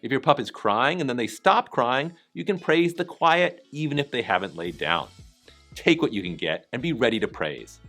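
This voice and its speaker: A man giving scripted voice-over narration for a training lesson, calm, instructive and encouraging. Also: mid-range voice, moderate pace, soft background music.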